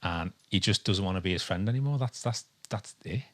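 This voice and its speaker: This English podcast co-host has a low-pitched voice and talks a little fast. In a casual chat at home, with a dog nearby, he rambles along, full of ums and restarts.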